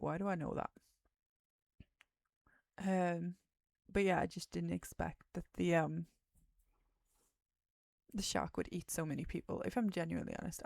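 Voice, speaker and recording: Tired, rambling woman with a gravelly voice. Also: fairly low pitch, a little mellow, dry recording, clean studio sound. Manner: rambling, drifts off topic, drops to a whisper at times. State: tired, yawning. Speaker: streamer. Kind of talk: casual movie chat on a livestream.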